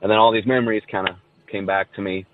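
A man's voice: lowish voice, fairly even intonation, quick pace. A man from Southern California leaves a casual voice message, telling a ghost story in a rambling way with many fillers. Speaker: caller sharing a ghost story. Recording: tinny phone line, dry.

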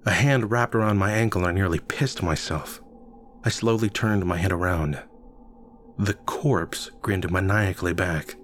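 A man's voice: low-pitched, moderate pace, a bit bright, slight background noise. A man narrating a first-person story in a casual, wry way.

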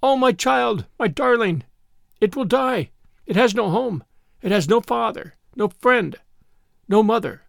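A desperate young mother cries out and pleads in a raised, strained voice, put on by a man reading the story. Her tone soars high and breaks with a gravelly rasp. The reading is close and dry. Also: lively intonation, measured pace, no room sound, exaggerated voice. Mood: pleading. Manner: shrieking, pleading.

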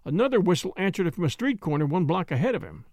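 A man narrating a classic story in a measured, expressive audiobook reading. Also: high-pitched, no echo, clean studio sound.

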